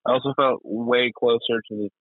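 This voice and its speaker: A man's voice: medium pitch, steady tone, a little fast. A young man chats loosely as a podcast co-host, swearing freely and laughing often. His voice comes through thin and phone-like. The sound is dry and close, with no room echo. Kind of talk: casual chat.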